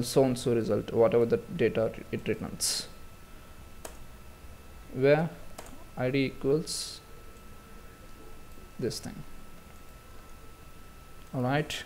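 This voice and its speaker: A man's voice: mid-range voice, darkish tone, a little hiss or hum. Guy doing a chill coding tutorial, lots of uh and restarts, normal mid voice. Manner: casual, talks through steps with many fillers and restarts. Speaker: programming tutor. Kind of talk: screen-recorded coding tutorial.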